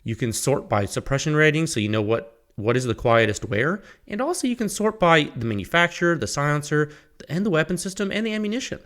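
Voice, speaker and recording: A man's voice: a little high, big pitch swings, fairly quick, fairly bright tone. Laid-back rambling male podcast host. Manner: rambling, self-amused, laughs at his own sponsor plug. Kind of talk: casual solo podcast talk.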